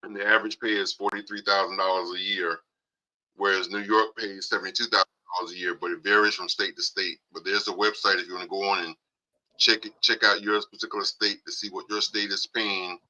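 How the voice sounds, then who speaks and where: Deep, bright-voiced male host. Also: fairly quick, poor audio. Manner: informative, relaxed explaining. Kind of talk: casual talk show segment.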